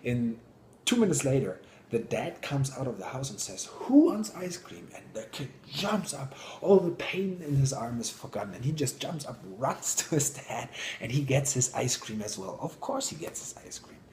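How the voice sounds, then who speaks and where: A man giving an informal motivational talk in an animated way, sometimes dropping to a whisper. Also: medium pitch, normal speed, slight background noise. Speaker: speaker. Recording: roomy echo.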